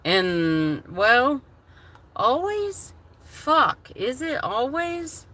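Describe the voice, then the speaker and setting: Woman on a livestream, casual chat, open and emotional, swears a lot, very animated pitch. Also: extremely slow. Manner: candid, emotional, swears freely. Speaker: live streamer.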